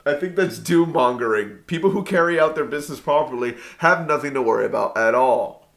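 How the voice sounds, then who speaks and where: A man's voice: fairly high pitch, fairly quick, fairly bright tone. A man co-hosting a podcast in a casual way, reading an article aloud with stumbles and frequent laughter. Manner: laughs often, reads with stumbles. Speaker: podcast co-host.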